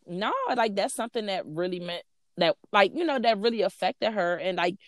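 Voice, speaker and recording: A woman in casual chat, animated and profane, acting out quoted lines and calling people "honey.". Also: mid-range voice, fairly quick, no room sound, studio quality. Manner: calls listener "honey" and "child".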